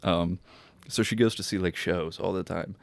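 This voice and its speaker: A man's voice: deep voice, normal speed, creaky, no room sound. A man co-hosting a podcast, telling stories with lots of swearing and laughter. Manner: swearing, laughing storyteller, animated when quoting. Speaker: podcast co-host. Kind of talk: casual chat.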